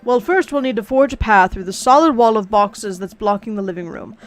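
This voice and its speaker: A woman's voice: mid-range voice, lively intonation, a little fast, soft background music. A woman streamer reading a dating game aloud, playing the dad and narrating, with casual, wry asides.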